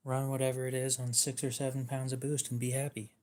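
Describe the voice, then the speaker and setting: A man's voice: mid-range voice, completely flat delivery, quick pace, a little mellow. A young man hosting a livestream, giving dry, teasing replies to chat in casual talk. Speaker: livestream host.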